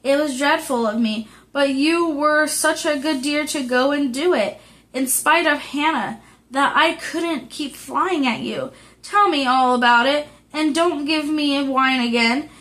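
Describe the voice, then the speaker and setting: A woman's voice: high voice, measured pace, fairly bright tone. Woman reading as Jo, an impulsive girl. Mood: grateful. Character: spirited teenage girl, warm and impulsive.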